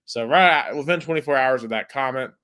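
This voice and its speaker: A man's voice: medium pitch, brisk, fairly bright tone, smooth. A man hosting a casual sports podcast, chatty and filling his talk with "like". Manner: chatty, heavy use of "like". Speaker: podcast host.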